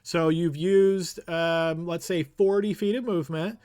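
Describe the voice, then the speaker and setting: A man narrating a tabletop game as game master, giving brisk, matter-of-fact rulings. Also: fairly high pitch, steady tone, a little mellow, clean tone, no echo, studio quality.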